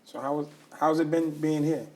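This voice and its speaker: A man's voice: on the high side, fairly even intonation, moderate pace, darkish tone. A man hosting a podcast, speaking to his guest in an encouraging, upbeat way. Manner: encouraging, hype-man energy. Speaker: podcast host. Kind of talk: conversational interview.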